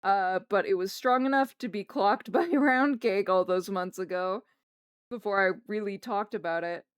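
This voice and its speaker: A woman's voice: medium pitch, moderate pace, clean tone, dry recording, clean studio sound. A young woman from Canada with a mild Canadian accent, chatting casually with her livestream viewers in a rambling, self-correcting way. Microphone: streaming microphone.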